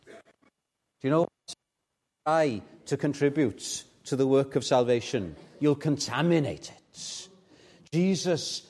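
A man preaching a sermon in church with fervent emphasis, swinging from soft asides to loud, emphatic peaks. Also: mid-range voice. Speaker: pastor.

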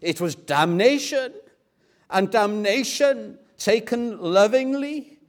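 A man's voice: sits high, very animated, extremely slow, a bit bright, voice pushed up, heavily acted. A man voicing an eccentric old male professor who pleads fervently with his class, pressing insistent repeated questions. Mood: fervent pleading.

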